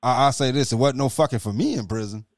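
A man's voice: medium pitch, quick pace, crowd noise. A man in profane, casual podcast chat who tells stories animatedly and laughs often.

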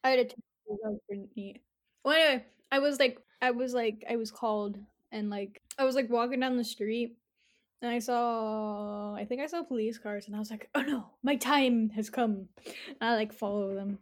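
A young woman chatting casually with a friend, giggly and teasing as she tells her own dream. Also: a little high. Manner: giggly, teasing, quick interjections. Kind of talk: casual chat.

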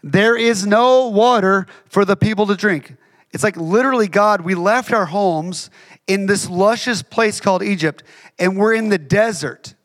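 A man's voice: high voice, unhurried, a bit bright. A man preaching a sermon in a conversational, emphatic way, repeating phrases for effect.

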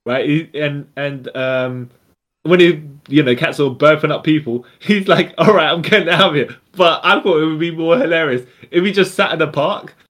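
A man's voice: on the high side, moderate pace, fairly bright tone. A man co-hosting a podcast in casual chat, adding his own asides and jokes about the film. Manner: chatty, laughs along, adds asides. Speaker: podcast co-host.

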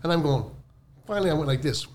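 A man on a podcast tells a lively story with a voice that swoops up and down. It sits slightly high. Faint background hiss sits under the talk. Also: fast. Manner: animated, acts out the people in his stories. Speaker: podcast co-host. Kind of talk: casual storytelling chat.

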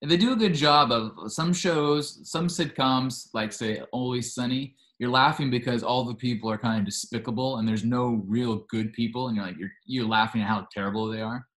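A man's voice: medium pitch, normal speed, hardly any pauses, fairly bright tone. Chatty male podcast host. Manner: chatty, enthusiastic, retells scenes at length. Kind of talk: casual podcast chat.

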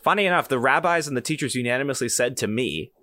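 A man's voice: medium pitch, quick pace, no room sound, soft background music. A young man hosting a podcast, telling a story in casual chat with many fillers and restarts. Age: young adult. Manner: animated, many restarts and fillers, acts out quoted voices. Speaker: podcast host.

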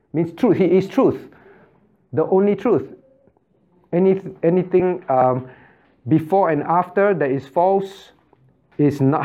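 A male pastor leads a Bible class, hammering key words and firing questions at his listeners. His voice sits a bit higher than most men's. The sound is thin and tinny, like a phone line. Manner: emphatic, repeats key words and quizzes listeners with "right?". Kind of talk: interactive Bible study teaching.

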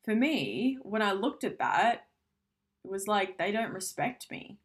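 A woman's voice: medium pitch, animated, a little slow. A woman giving a casual self-help talk, speaking frankly and conversationally, swearing now and then.

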